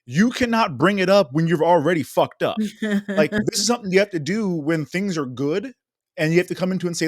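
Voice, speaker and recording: A man joins a casual podcast chat as a guest, his voice sitting a bit high for a man. He speaks earnestly and gives frank relationship advice. The recording is dry and close. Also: lively intonation, brisk, no echo.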